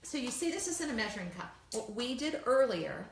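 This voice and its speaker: A woman's voice: on the high side, sing-song, fairly quick, very noisy. A woman chatting casually while demonstrating a recipe, laughing easily and sometimes talking with her mouth full. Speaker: cooking guest. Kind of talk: casual cooking demo chat. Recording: echoey room, mic at a distance.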